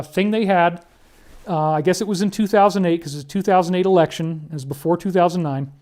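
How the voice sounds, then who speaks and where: Man, high-pitched voice, earnest, emphatic, monologue commentary, speaks straight to listeners. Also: a little mellow.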